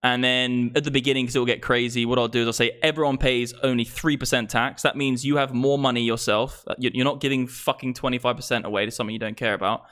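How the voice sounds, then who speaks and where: A young man hosting a crypto livestream rants about politics, cursing freely and getting worked up into his streaming mic. His mid-range voice is steady, clear and resonant with a fairly bright tone, moving at a quick pace with few pauses.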